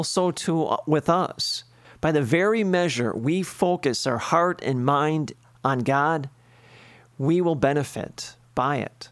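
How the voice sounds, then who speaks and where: A priest delivers an earnest sermon, piling up everyday lists and asking rhetorical questions. His voice sits a little high for a man. The sound is dry with little room echo. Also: clear, resonant tone.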